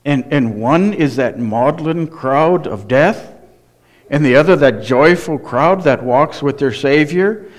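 A man's voice: a little high, lively intonation, slow pace. A man preaching a sermon, earnest and emphatic, often asking the congregation direct questions. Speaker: pastor.

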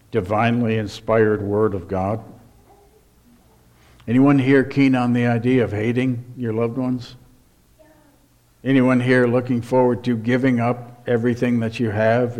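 A man's voice: medium pitch, darkish tone. A man pastor preaching a sermon in church, asking rhetorical questions and reading scripture aloud.

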